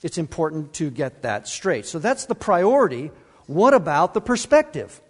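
High-voiced pastor preaching in a reverberant hall. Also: male voice, very animated, normal speed. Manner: emphatic, repeats key words, asks the congregation questions. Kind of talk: sermon. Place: church sanctuary. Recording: long reverb of a church hall.

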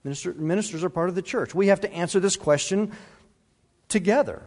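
High-voiced pastor preaching in a reverberant hall. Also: male voice, brisk, a little mellow. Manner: emphatic, repeats key words, asks the congregation questions. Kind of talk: sermon. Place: church sanctuary. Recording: long reverb of a church hall.

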